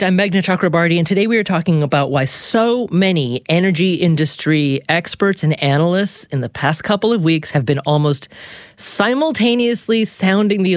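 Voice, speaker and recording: A woman hosting a public radio interview show, introducing guests and asking measured questions from a studio microphone. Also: sits low, no room sound.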